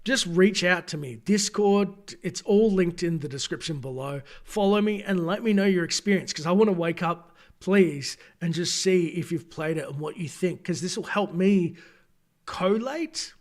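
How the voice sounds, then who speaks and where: Here a man with a high-pitched voice speaks at a moderate pace. He's a gaming channel host on a late-night live stream, tired as he chats with viewers in a rambling way and keeps fixing what he just said.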